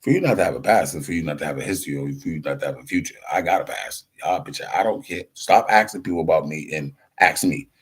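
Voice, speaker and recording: A man's voice: very deep voice, fast talker, hardly any pauses, husky. A man telling rambling stories in a loose, slangy, profane monologue, acting out other people's voices and laughing often.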